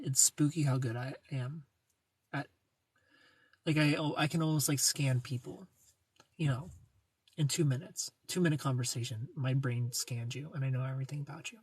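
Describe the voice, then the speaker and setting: A man's voice: medium pitch, steady tone, moderate pace, long pauses, darkish tone, breathy edge, no room sound. A young man hosting a casual livestream, reading viewer comments and joking playfully, greeting people by name. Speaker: livestream host reading chat.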